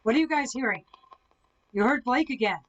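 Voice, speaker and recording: Fairly high woman calling out to spirits. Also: animated, a little fast, highs cut off. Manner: calls questions out to spirits, reads viewer comments aloud. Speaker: ghost hunter streaming live. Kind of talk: live-stream paranormal session. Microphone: device-heavy setup with a spirit box.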